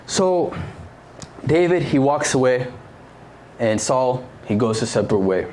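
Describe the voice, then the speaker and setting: A man's voice: mid-range voice, expressive, a little slow, a little mellow, slight background noise. A young man preaching a casual sermon to a youth group, slangy and conversational, often quizzing his listeners with questions. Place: church service.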